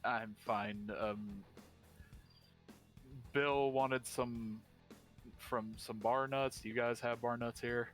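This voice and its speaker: A man's voice: medium pitch, steady tone, slow, long pauses, a bit bright, soft background music. A man playing a tabletop game, speaking in character in an easygoing, hesitant way. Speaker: player.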